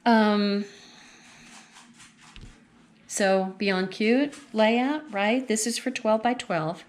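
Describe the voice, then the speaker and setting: At home with her dogs, a woman with a mid-range voice speaks very slowly in a casual vlog, walking viewers through a craft catalog. She's a consultant, chatty and gushing, thinking aloud as she turns the pages.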